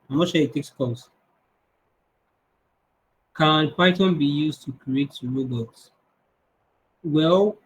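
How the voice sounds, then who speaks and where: On a low-quality recording, a man with a fairly high, somewhat strained voice runs an online coding class for kids. He chats through their questions on the video call and restarts his sentences often.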